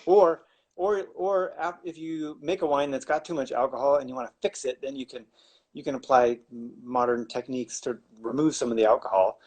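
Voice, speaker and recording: A man's voice: medium pitch, brisk, darkish tone, breathy edge. A man, a winemaker, explaining wine making in a casual, rambling way with wry asides and many restarts.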